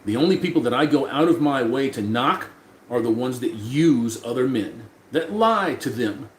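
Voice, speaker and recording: A man's voice: medium pitch, animated, normal speed. A man hosting a casual livestream, reading chat messages aloud and talking back to them loosely, with plenty of swearing. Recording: roomy echo, faint room noise.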